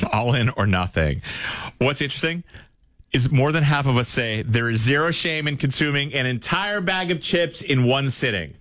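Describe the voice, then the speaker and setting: A man's voice: mid-range voice, expressive, normal speed, fairly bright tone, no room sound. A man co-hosting a morning radio show, chatting casually in a jokey, rambling way into a studio microphone.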